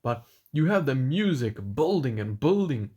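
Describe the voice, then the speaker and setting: A man's voice: mid-range voice, big pitch swings, normal speed, darkish tone, husky. A man giving a casual film review, rambling and exasperated, with many restarts.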